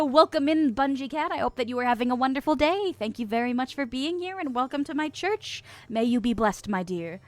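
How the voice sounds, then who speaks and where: A woman streaming live, chatting casually and reading viewer comments with a soft voice and a lot of giggling. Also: on the high side, no echo. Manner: giggly, playful, frequent laughter; soft-spoken.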